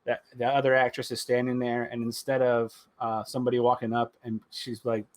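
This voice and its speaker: Man, podcast host, casual movie chat, joking and profane, mid-pitched voice, dry close mic. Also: level tone, brisk, few pauses, no echo. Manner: loose, joking, swears freely.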